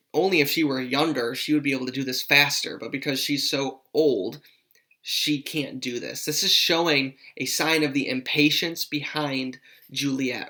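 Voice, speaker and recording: A man's voice: mid-range voice, bright, forceful tone. A man teaching a lesson, casually explaining a play with frequent check-ins.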